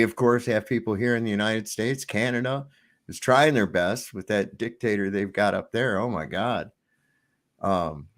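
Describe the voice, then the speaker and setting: A man hosting a casual talk show, telling jokes and rambling loosely with plenty of swearing. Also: lowish voice. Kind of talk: casual chat, joke telling.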